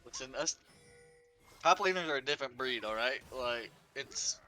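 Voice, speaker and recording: A man's voice: medium pitch, animated, normal speed, bright, forceful tone, faint music behind. A man giving laid-back, joking color commentary on a live esports match, with lots of "uh" and "like". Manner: laid-back, joking analysis with many fillers.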